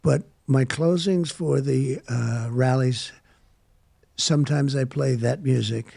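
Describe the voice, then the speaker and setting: A man's voice: medium pitch, takes it slowly, creaky, warm tone, slightly rough, dry recording. An older man giving rambling, repetitive interview answers on a podcast, often interrupting himself. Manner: meandering, repetitive, self-interrupting. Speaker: podcast guest.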